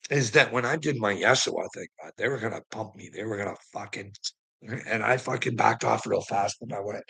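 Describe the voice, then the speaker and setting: Husky man rambling thru a story, cussing nonstop, laughs a lot, tense sharp voice. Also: fairly low pitch, normal speed, rough recording. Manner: profane, laughs often while telling. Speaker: storyteller addressing a relative.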